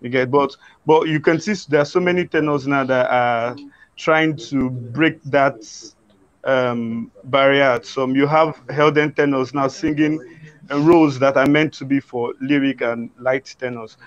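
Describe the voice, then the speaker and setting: Halting man, muffled lo-fi sound. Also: medium pitch, fairly even intonation. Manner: halting, many restarts and fillers. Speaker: guest opera singer. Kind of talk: conversational interview answers.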